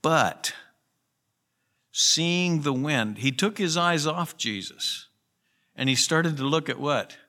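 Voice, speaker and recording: A man's voice: fairly high pitch, expressive, takes it slowly, long pauses, pushed and bright. A pastor preaching a sermon in an earnest, conversational way, with emphatic rises in his voice. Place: church.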